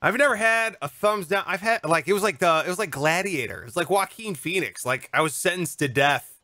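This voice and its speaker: A young man co-hosting a podcast, telling a story in a casual, animated, joking way and acting out what people said. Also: sits high, brisk, dry recording, studio quality. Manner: animated, jokey, acts out quotes. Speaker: podcast co-host.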